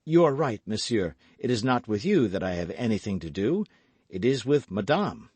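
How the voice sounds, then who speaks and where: A man reading an audiobook, voicing a jealous, impulsive young male swordsman with excited, pleading exclamations. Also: lowish voice, moderate pace, breathy edge, no room sound. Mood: indignant. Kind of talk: audiobook character voice.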